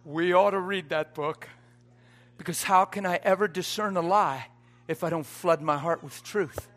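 A man preaches a sermon in a very high, bright voice. He drops to quiet asides, then builds to loud, emphatic points, and mixes in folksy jokes and everyday sayings. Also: normal speed.

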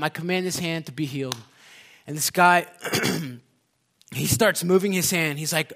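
A middle-aged man preaching a sermon, telling a story in a loose, conversational way full of fillers before rising into loud, fervent exclamations. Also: on the high side, expressive, normal speed.

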